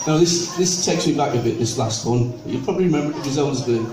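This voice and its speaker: An older man with a medium-pitched voice talks fast over music while doing stand-up comedy. He tells chatty stories, acts out people in joke dialogue, and leads an audience sing-along. The venue is echoey and the mic sounds distant.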